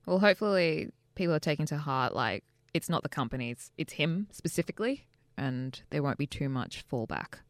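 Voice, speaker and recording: A woman's voice: deep voice, expressive, moderate pace, dry recording, clean studio sound. A woman co-hosting a podcast, chatting casually with wry, sarcastic asides. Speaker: podcast co-host.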